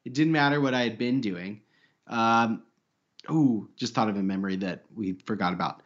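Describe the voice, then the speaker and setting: A podcast co-host with a lowish male voice talks at normal speed in casual banter, joking, laughing often, and swearing. The audio is lo-fi.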